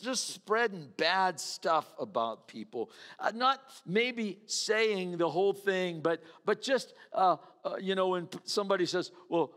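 A man's voice: sits high, fairly bright tone. A man preaching a sermon in a conversational way, acting out the voices of the people he quotes. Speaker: pastor. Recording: reverberant hall.

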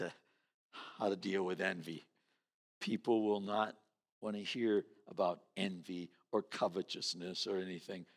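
Conversational pastor preaching in a reverberant hall. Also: male voice, on the low side, breathy edge. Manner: conversational preaching, acts out quoted voices. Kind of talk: sermon.

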